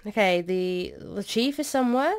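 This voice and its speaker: A young woman playing a game and commenting, excitable and swearing as she shouts orders at her troops. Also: mid-range voice, moderate pace, clear, resonant tone. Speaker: gaming streamer. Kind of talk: let's play commentary.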